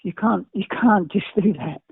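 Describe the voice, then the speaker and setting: In a high, husky voice with vocal fry, an older English guest recounts emphatic, repetitive anecdotes at a moderate pace, rambling as he goes. There is no echo, and the recording comes across dry and phone-like, with a tinny edge.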